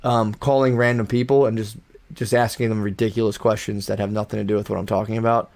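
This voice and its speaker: A young man co-hosting a podcast. His voice sits a little low, and he talks in a loose, rambling way, full of "like" and "just" and restarts. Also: level tone, quick pace, vocal fry, darkish tone. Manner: rambling, many fillers and restarts. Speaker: podcast co-host. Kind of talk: casual chat.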